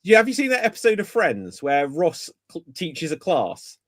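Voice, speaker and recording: A man in casual chat on a geek podcast, telling animated stories and laughing at his own anecdotes. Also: high voice, normal speed, dry recording, studio quality. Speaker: podcast host.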